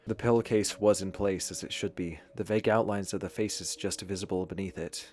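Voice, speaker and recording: A man narrating an audiobook in a measured, even way. His voice is very low, and he keeps a steady storytelling pace.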